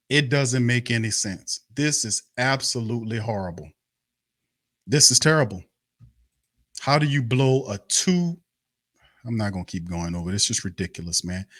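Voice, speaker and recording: A male sports talk host vents on a livestream in a heated, profane way. He circles back and repeats his points as his exasperation builds. His voice sits at an ordinary middle pitch with a dry, close sound. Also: a bit bright, dry recording. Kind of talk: angry livestream rant.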